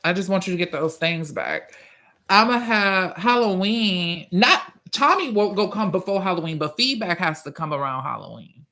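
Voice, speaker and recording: A man hosting a casual livestream, reading viewer comments and chatting in a profane, drawn-out way. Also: high-pitched, lively intonation, bright, forceful tone. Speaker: livestream host and musician.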